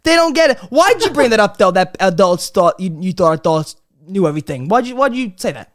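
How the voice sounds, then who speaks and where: A man in his twenties hosting a casual comedy podcast, talking in an animated, sweary way and acting out his family. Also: sits high, a little fast. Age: 20s. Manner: animated, swearing, acts out his parents in loud exaggerated voices.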